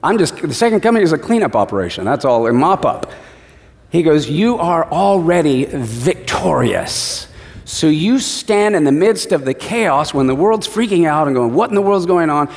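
A male pastor delivering a sermon with a slightly high, very lively voice that swoops up and down as he acts out the people in his stories. The sound carries a long reverb, like a big sanctuary. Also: fairly quick. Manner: animated storytelling preacher, acting out quotes.

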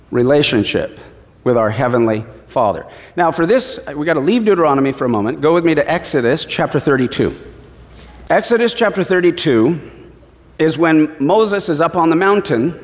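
A male pastor delivering a sermon with a slightly high, very lively voice that swoops up and down as he acts out the people in his stories. The sound carries a long reverb, like a big sanctuary. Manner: animated storytelling preacher, acting out quotes.

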